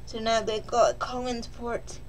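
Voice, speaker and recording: Woman vlogger, slow and easygoing, wry and self-mocking, chatty review delivery. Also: on the high side, steady tone, slight background noise. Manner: rambling, joking, self-deprecating. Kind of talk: casual spoken film recap.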